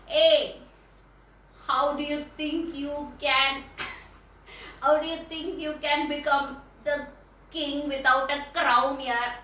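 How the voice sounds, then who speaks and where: A woman's voice: sits high, little pitch movement, takes it slowly, pauses often, pushed and bright, very echoey, distant mic, slight background noise, exaggerated voice. Woman doing a cheeky, defiant brinjal. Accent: Indian English. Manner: defiant, mocking. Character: proud cheeky brinjal with a crown.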